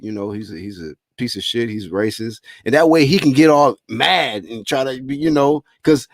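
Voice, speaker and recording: A male interviewer keeps things loose and slangy, musing aloud in a relaxed casual chat. His voice sits at an ordinary middle pitch, recorded close and dry. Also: brisk, few pauses, no room sound. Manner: laid-back, slangy, chuckles often.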